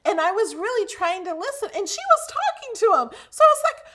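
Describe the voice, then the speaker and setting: A woman hosting a casual livestream, telling stories in an animated way. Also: extremely high pitch, fairly quick. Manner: animated storyteller. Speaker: host.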